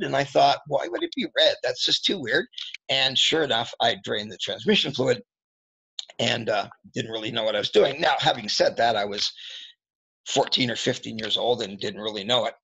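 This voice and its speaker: A male trainer talks auto service advising through candid, anecdotal stories, pausing often to clear his throat. His voice is gravelly and a little husky. The recording sounds dull and lo-fi. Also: medium pitch, expressive, sharp tone. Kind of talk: storytelling training talk.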